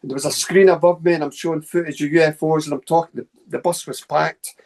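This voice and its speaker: A Scottish man, a guest on an interview show, telling anecdotes in a fast, animated way with asides. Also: a little high, gravelly. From Scotland. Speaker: guest, paranormal researcher. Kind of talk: casual storytelling interview.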